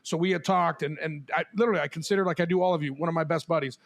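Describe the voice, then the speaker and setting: A man hosting a podcast, animated and laughing as he tells a long story among friends. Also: fairly high pitch, rapid-fire, gravelly. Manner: animated, swears, laughs while telling stories. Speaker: podcast host. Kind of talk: storytelling in casual chat.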